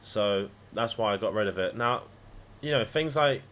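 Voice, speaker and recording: A man's voice: lowish voice, normal speed, fairly bright tone, a little hiss or hum. A man chatting casually on a livestream, rambling and swearing freely as he talks to his viewers. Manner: rambling, profane banter. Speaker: live trading streamer.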